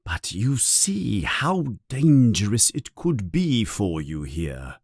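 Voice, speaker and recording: A man's voice: fairly low pitch, big pitch swings, no echo, clean studio sound, exaggerated voice. A man putting on a frail, weak old wizard headmaster. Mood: grave. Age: older. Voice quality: weak, quiet, breathy at times. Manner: hesitant, with halting fillers. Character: frail elderly male headmaster wizard, hesitant.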